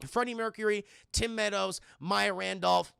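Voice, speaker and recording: A man's voice: sits high, fairly even intonation, moderate pace, vocal fry, bright, forceful tone, clean tone, no room sound, studio quality. A man streaming a casual film recap, rambling, swearing and constantly addressing his chat.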